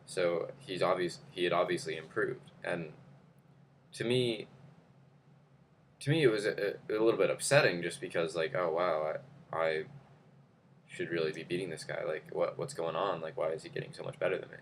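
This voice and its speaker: A man's voice: low-pitched, moderate pace, a little hiss or hum. A young man telling a story to camera in a casual, rambling way, with many fillers and restarts. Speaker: vlogger.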